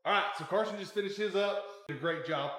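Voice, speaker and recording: A man's voice: sits high, quick pace, a bit bright. A man hosting a blacksmithing vlog, talking casually and earnestly, reflective and encouraging. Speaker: blacksmith and channel host.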